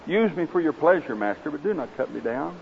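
A man voicing a humble, devoted male bamboo tree that speaks softly and tremblingly. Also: mid-range voice, moderate pace, gravelly, close to an everyday voice. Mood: pleading. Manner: soft, hushed and trembling. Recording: slightly dull with faint hiss.

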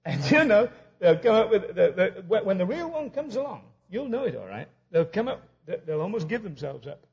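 High, lively preacher man on a dull recording. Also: a little fast. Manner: storytelling, acting out both sides of conversations. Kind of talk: humorous sermon.

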